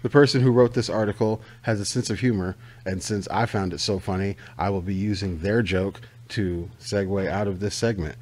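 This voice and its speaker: A man's voice: fairly low pitch, steady tone, moderate pace, few pauses, a little mellow. An American man hosting a casual comedy podcast, swearing freely and riffing like a pushy salesman. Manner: profane, riffing, mock-salesman energy. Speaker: podcast host.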